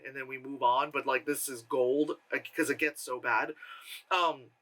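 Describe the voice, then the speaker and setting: A man's voice: mid-range voice, steady tone, fairly quick, pushed and bright. A man giving a casual, rambling film review with sarcastic asides and lots of fillers. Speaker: movie reviewer.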